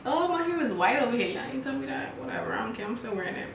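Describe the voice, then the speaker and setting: A woman's voice: fairly high pitch, racing, creaky, hardly any pauses, a little hiss or hum. Chatty woman vlogging, roomy sound. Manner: chatty, animated, talks to viewers like friends. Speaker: beauty vlogger and business owner. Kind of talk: casual chat while doing makeup. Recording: echoey room, faint music.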